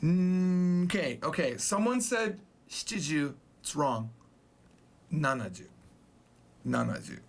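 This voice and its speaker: A man's voice: fairly high pitch, big pitch swings, takes it slowly, gravelly, long pauses, a bit bright. A man teaching a casual Japanese numbers lesson, playful and joking as he goes.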